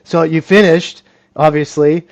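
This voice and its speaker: A man's voice: fairly high pitch, fairly even intonation, unhurried, no echo, dull audio. A man hosting a podcast, chatting encouragingly with his guest in a casual interview. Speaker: podcast host.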